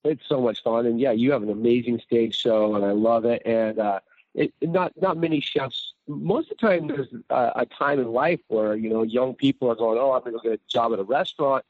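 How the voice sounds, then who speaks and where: A man talking casually as a guest chef, telling stories in a lively way and acting out quotes. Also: mid-range voice, moderate pace, no echo, phone-quality sound. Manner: animated storyteller, acts out quotes. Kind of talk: casual chat.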